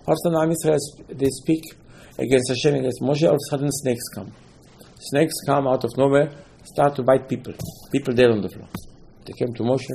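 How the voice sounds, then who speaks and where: Man preaching a Torah lesson in non-native English, mellow tone, animated storyteller, many rhetorical questions. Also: medium pitch, creaky, slightly rough. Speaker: rabbi teaching Torah. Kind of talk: sermon.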